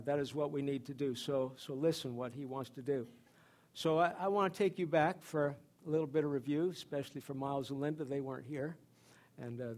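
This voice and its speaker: A man's voice: fairly high pitch, darkish tone. Man preaching a conversational sermon. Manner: conversational preaching with repeated phrases and restarts. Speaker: pastor. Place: church.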